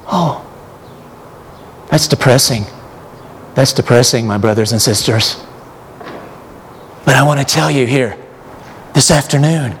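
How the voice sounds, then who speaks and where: A man's voice: medium pitch, husky. A man preaching a sermon, building to emphatic repeated appeals, then leading an altar call and prayer. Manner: slow, with rising emphatic repetitions.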